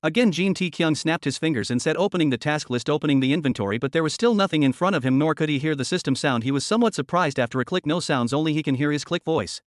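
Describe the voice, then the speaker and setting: A man narrating a comic story recap in a steady, plain storytelling manner. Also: on the high side, quick pace, hardly any pauses, dry recording, clean studio sound.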